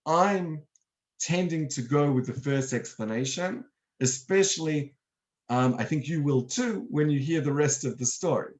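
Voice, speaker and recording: A man guiding an online history lecture, telling events as a lively story and acting out the quotes. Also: on the high side. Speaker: tour guide and lecturer. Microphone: online video talk.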